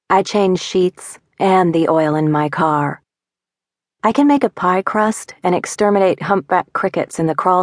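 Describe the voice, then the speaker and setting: A woman narrator reading a first-person literary story in a measured, wry, intimate way, close on a studio mic. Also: fairly low pitch, no echo. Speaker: audiobook narrator.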